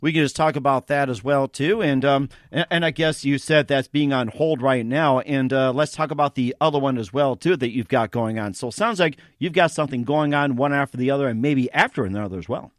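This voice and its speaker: A man's voice: mid-range voice, fairly quick, hardly any pauses, no echo, studio quality. A man hosting a podcast interview, wordy and repeating "as well, too" as he asks questions. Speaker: podcast host. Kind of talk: casual interview chat.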